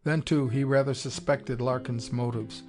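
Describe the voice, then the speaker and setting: A man reading an audiobook in a steady, measured storytelling voice. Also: medium pitch. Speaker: audiobook narrator. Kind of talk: scripted narration.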